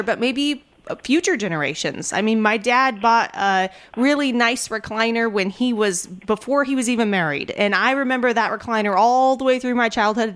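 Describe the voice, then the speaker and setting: A woman's voice: on the high side, a bit bright. A woman hosting a sponsored radio interview, upbeat and promotional.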